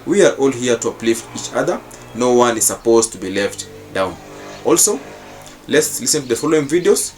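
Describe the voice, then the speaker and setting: A man's voice: medium pitch, expressive, moderate pace, darkish tone, soft background music. A man hosting his channel, giving casual reaction commentary in formal, repetitive phrasing. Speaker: channel host.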